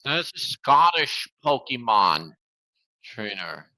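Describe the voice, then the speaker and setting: Slow rambling man streamer. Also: medium pitch, sing-song, bright, forceful tone, no echo, rough recording. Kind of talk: casual stream commentary.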